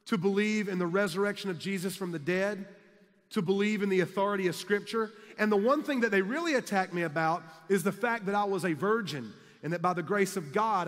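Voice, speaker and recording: A man from South Carolina, US, with a high, bright voice preaches a humorous storytelling sermon as a youth conference speaker. He's energetic and jokey, building up to shouts. It was recorded in a large conference hall, and the sound echoes.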